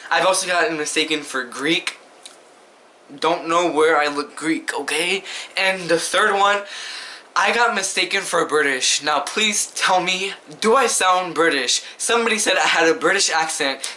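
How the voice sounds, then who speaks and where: A man's voice: fairly high pitch, pushed and bright, slight background noise. A young man vlogging to camera, answering questions in a casual, emphatic and indignant way, often asking the viewer rhetorically.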